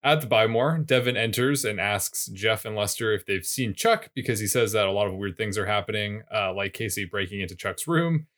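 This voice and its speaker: A man with a fairly low voice recaps a TV episode in casual chat. He teases his co-host dryly and thinks aloud about the characters. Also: brisk, hardly any pauses, fairly bright tone. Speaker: podcast co-host.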